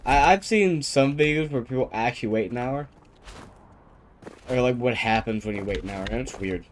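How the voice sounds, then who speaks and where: A man's voice: mid-range voice, normal speed, slight background noise. A young man casually commenting while playing a video game, mumbling and unsure. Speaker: gamer playing through a game. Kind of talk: casual let's-play commentary.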